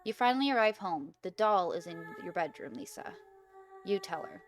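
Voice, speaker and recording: A woman's voice: fairly low pitch, animated, moderate pace, faint music behind. A young woman hosting a gaming video, casually reading out an interactive horror story, giggling and stumbling over words.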